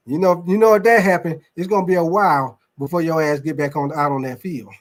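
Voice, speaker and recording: A sports show host talks fast with few pauses in a fairly high voice. On his casual live stream he reacts to chat in a loose, rambling, profane way, calling viewers y'all.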